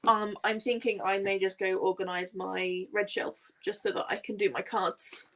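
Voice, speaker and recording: A woman's voice: mid-range voice, level tone, moderate pace, a little hiss or hum. A woman in a casual chat with friends on a video call, chatty and giggly.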